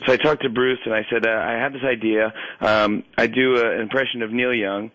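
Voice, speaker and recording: Animated laughing storyteller man. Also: medium pitch, fairly quick, dry recording, rough recording. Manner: animated storyteller, laughs often, many restarts. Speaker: talk show host as guest. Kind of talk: casual radio interview.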